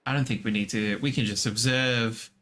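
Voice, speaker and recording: A man's voice: fairly even intonation, moderate pace, fairly bright tone. A man giving casual, playful commentary while playing a video game, cooing at the creatures he meets. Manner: playful, squeaks high at creatures. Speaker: gaming streamer.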